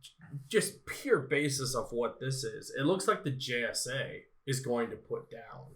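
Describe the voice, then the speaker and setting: A man's voice: medium pitch, unhurried, roomy sound, a crowd in the background. A man co-hosting a casual podcast about comic-book news, swearing freely and acting out little scenes. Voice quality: swears often, animated storytelling. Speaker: podcast co-host. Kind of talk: casual nerd-news chat.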